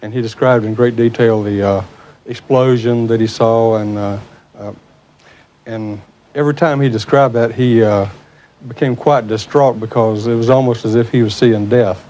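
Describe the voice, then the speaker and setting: Man, mid pitch, mellow tone, careful interview testimony, dull lo-fi sound, faint noise. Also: fairly even intonation. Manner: careful, with "uh" pauses. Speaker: aviation official.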